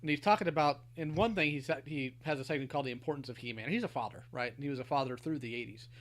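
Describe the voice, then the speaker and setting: A man hosting a podcast, chatting in an animated, playful way. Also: medium pitch. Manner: animated, playful, quick to laugh. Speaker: podcast host. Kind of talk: casual podcast chat.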